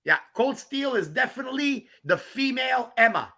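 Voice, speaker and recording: A man's voice: very high-pitched, expressive, moderate pace, vocal fry, pushed and bright. A man hosting a livestream outdoors, ranting and mocking a rival with profane jokes and laughter. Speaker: livestream host. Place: outdoors on a walk in the rain.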